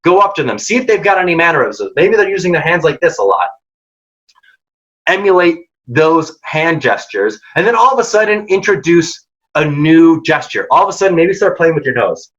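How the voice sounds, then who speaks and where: A man's voice: fairly high pitch, sing-song, normal speed, a bit bright. Emphatic man giving career tips. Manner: direct, emphatic, acts out quoted dialogue. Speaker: workshop presenter. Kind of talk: career advice lecture. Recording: dull lo-fi audio.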